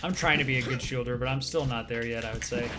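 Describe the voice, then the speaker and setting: A man's voice: medium pitch, quick pace. A laid-back man co-hosting a casual gaming stream, easygoing and agreeable. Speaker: co-host. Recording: faint music underneath.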